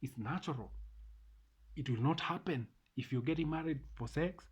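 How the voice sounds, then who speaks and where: A man's voice: a little high, moderate pace, slightly rough, lo-fi sound. A middle-aged man with a Kenyan accent, delivering an emphatic, repetitive opinion monologue to camera as a vlogger. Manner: ranting, emphatic, repeats phrases.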